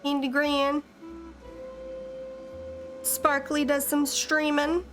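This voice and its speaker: A woman's voice: sits high, completely flat delivery, extremely slow, over music. A woman game streamer chatting casually and giggling during a live-stream playthrough, greeting viewers as she plays. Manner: chatty, giggly, reads in-game texts aloud. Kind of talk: casual live-stream chat over gameplay.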